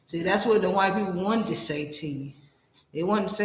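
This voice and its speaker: A man giving casual reaction commentary in a loud, animated, slangy way, laughing often. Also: high voice, a little fast, reverberant. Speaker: reaction video host.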